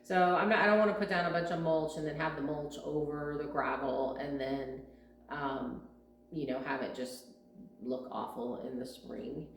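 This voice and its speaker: Low-voiced and fairly even in intonation, this farm vlog co-host and video editor talks at a moderate pace in a casual Q&A chat. She gives long explanations packed with fillers, and the recording has a roomy echo plus slight background noise.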